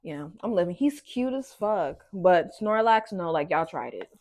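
A young woman co-hosting a casual podcast chat, teasing and firing off quick jabs. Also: fairly low pitch, lively intonation, darkish tone. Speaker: podcast co-host.

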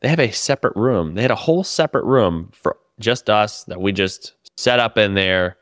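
A man telling profane, animated stories about a comedy tour in casual podcast chat. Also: lowish voice, moderate pace, no room sound, clean studio sound. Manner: profane, animated storytelling with laughs.

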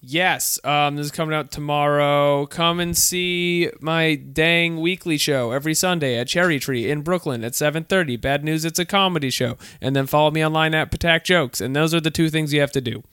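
A comedian chatting on a podcast with jokey, deadpan asides. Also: mid-range voice, moderate pace, few pauses, clear, resonant tone, dry recording, clean studio sound. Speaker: comedian guest. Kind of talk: casual comedy chat.

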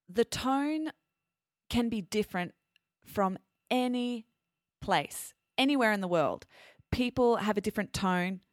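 A woman hosting an educational podcast, reading a scripted lesson in a clear, measured teaching manner. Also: medium pitch, dry recording, studio quality. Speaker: podcast host.

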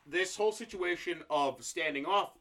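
A man's voice: a little high, moderate pace, sharp tone. A man co-hosting a podcast, telling a history story in casual chat, joking, swearing a lot and laughing often.

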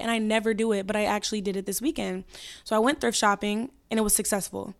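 A young woman hosting her own podcast, chatting casually and candidly with slang, her voice hoarse and going in and out. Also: medium pitch, steady tone, quick pace. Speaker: podcast host. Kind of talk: casual solo podcast chat.

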